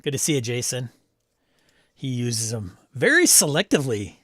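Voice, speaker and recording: A man hosts a relaxed live stream, greeting viewers by name and reading their chat aloud with snarky asides. His voice sits in an ordinary middle pitch. The sound is close and dry, with no room echo. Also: moderate pace. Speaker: livestream host.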